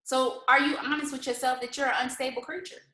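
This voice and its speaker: Her high, steady voice moves fast and carries a sharp edge as she delivers a laid-back pep talk over live stream from indoors at home. A motivational host, she throws out rhetorical questions and combines faith-based uplift with colloquial remarks and frequent laughter, all captured in an echoey room on a low-quality recording.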